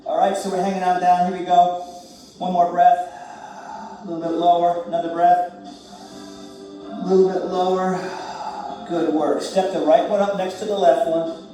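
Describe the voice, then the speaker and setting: Easygoing guy teaching yoga, kinda high mellow voice, far off in a super echoey room. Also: normal speed, long pauses. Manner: relaxed, joking, talks while moving through poses. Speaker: yoga instructor. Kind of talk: guided yoga class. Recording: very echoey room, distant mic, faint music.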